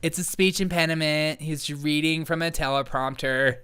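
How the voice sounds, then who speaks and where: A man's voice: a little high, fairly even intonation, normal speed, sharp tone, a little hiss or hum. A man in his forties hosting a comedy commentary show, reacting to chat with jokey, sarcastic asides. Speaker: host.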